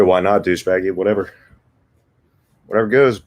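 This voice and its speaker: Young male streamer, deep and easygoing, casual banter with viewers. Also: steady tone, normal speed. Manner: laid-back, joking, chuckles often. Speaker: livestream host and guitarist. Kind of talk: casual livestream chat reading comments.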